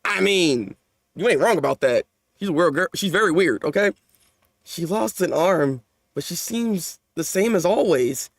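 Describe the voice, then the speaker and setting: A man giving a live reaction commentary on a manga chapter, slangy and animated, often stammering and repeating words. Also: high voice, moderate pace, dry recording, clean studio sound.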